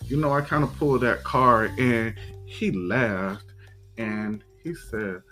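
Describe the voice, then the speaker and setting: A man hosting a podcast, telling a personal story in a halting, reflective way, with many pauses and restarts. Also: medium pitch, sharp tone, faint music behind, low-quality recording. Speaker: podcast host.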